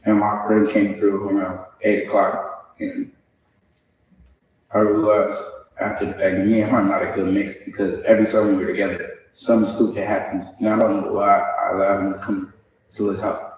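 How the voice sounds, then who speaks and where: A young man stands before the court and speaks through tears, halting, remorseful and repeating himself. His voice sits low. The sound is a long echoing hall, picked up from well back from the microphone. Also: level tone. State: crying. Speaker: defendant at sentencing. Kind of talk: courtroom statement. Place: large echoey courtroom. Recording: echoey courtroom from far off.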